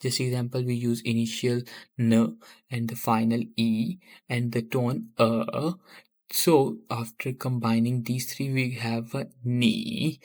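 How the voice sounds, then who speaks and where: Monotone hesitant male language teacher. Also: mid-range voice. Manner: hesitant, frequent filler pauses. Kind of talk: narrated tutorial.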